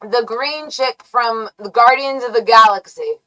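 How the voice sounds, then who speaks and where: Brief: unhurried woman streamer, a bit high-voiced, brash and mocking. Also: sharp tone, low-quality recording. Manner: brash, taunting, profane. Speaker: live streamer. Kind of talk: rambling livestream rant.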